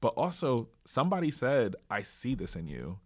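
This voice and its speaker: A man's voice: mid-range voice, big pitch swings, moderate pace. A man hosting a podcast, affirming and reflective as he sums up his guest's story. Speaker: podcast host. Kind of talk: casual interview.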